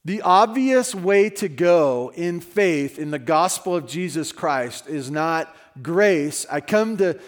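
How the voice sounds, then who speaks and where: A man's voice: fairly high pitch, lively intonation, slow pace, few pauses. A man preaching a sermon in a conversational way, his voice rising and dropping in level. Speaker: pastor.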